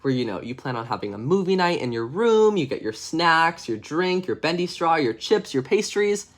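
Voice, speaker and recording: A man's voice: a little high, big pitch swings, normal speed. A man hosting a livestream, reading children's picture books aloud with playful, chatty asides to viewers. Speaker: streamer reading bedtime stories. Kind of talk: casual storybook reading on a livestream.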